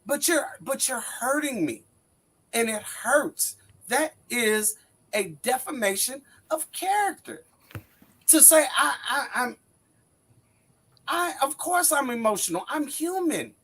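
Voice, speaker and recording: Middle-aged man, wrestling panelist, preachy and theatrical, husky voice with a very animated pitch. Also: slow pace. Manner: dramatic, mock-wounded, preachy. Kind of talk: heated panel banter.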